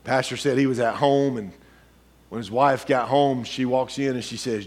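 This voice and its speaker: A middle-aged man preaching a sermon, telling a story quietly, then building into rising, urgent preaching. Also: medium pitch, fairly even intonation, moderate pace, slight background noise.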